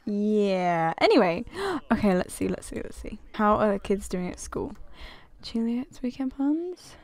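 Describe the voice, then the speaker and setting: A woman's voice: medium pitch, sing-song, measured pace, a little mellow. A young woman giving casual, giggly commentary over a life-simulation game she plays, gasping and exclaiming often. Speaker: gaming video creator. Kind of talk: casual let's-play commentary.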